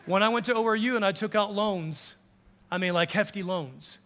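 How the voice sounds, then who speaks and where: Bright-voiced man preaching in a reverberant church. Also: high voice, moderate pace, a little hiss or hum. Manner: impassioned preaching, swings from hushed to shouting; acts out quoted voices of others. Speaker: pastor. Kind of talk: sermon. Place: church sanctuary with a congregation.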